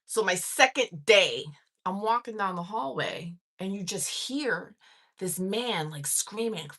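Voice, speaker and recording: A woman in her forties telling a lively, profane story on a livestream, laughing as she goes. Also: mid-range voice, slow pace. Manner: profane and animated, laughing through stories. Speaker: livestream host. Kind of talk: casual storytelling.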